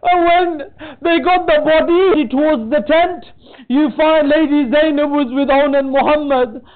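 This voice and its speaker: A man's voice: very high voice, steady tone, measured pace. A man narrating a mourning sermon, his voice rising into a tearful lament. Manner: recites in a rising lament, voice breaking toward tears. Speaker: speaker at a mourning gathering. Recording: tinny phone-like sound.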